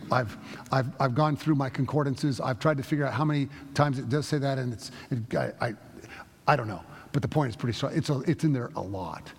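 A male pastor delivers a sermon in a loose, conversational way, often stopping and restarting his thoughts. His voice is gravelly and a bit husky. It carries a long echo, as if recorded in a large church hall. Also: medium pitch. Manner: conversational, halting, with many restarts.

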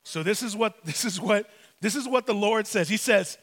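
High-voiced, animated preacher man. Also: a little fast, noisy background. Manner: animated, humorous storytelling preacher. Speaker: pastor. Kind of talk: sermon. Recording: long hall reverb.

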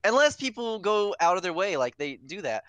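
A young man in casual chat, an animated storyteller who swears often and acts out quotes loudly. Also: sits high, brisk, no echo.

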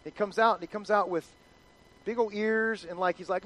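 A middle-aged male pastor preaching a sermon in an animated, conversational way, acting out quotes. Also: high-pitched, brisk, poor audio.

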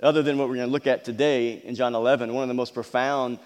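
A man's voice: medium pitch, steady tone, fast, darkish tone, clear, resonant tone. A man preaching a sermon as pastor, asking the congregation questions and often repeating his words. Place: church hall. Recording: long hall reverb.

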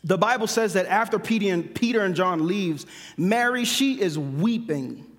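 An emphatic male preacher with a fairly high voice, driving his points home by repeating them. His sermon rings out with a long reverb, as in a large hall or church. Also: expressive, normal speed, fairly bright tone. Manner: emphatic, repeats phrases for stress.

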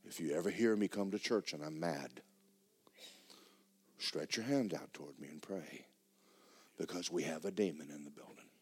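A pastor with a fairly low voice preaches to his church. He moves from loud, excited storytelling to quiet, hushed passages. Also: moderate pace, pauses often, slightly rough. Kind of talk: sermon. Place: church sanctuary.

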